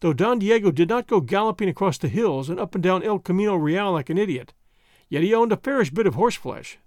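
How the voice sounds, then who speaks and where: A man reads an old adventure novel aloud in a theatrical, expressive way. His voice is high for a man and very animated. The sound is dry and close to the mic. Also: fast, no echo. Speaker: narrator. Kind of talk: scripted audiobook narration.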